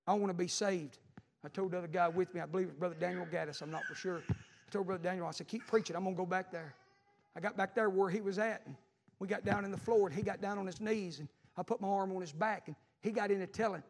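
A middle-aged man preaching a fervent sermon that builds to shouting, in a church sanctuary. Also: sits high, steady tone, fast, vocal fry. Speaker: pastor. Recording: long hall reverb.

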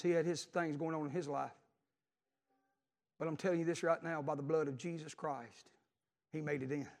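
Man, 40s, high-pitched pastor preaching with call-and-response, long hall reverb. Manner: preaching with call-and-response, swinging from loud to hushed. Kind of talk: sermon.

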